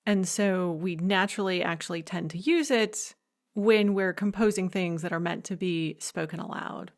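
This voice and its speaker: A woman giving a recorded lecture, explaining points clearly and stressing key ideas. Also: on the low side, moderate pace.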